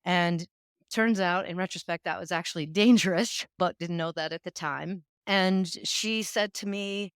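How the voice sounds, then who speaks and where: Chatty woman in her fifties, smooth voice. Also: lowish voice, measured pace, no echo, studio quality. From New England. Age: 50s. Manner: candid, chatty, many asides. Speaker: guest. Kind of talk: conversational storytelling.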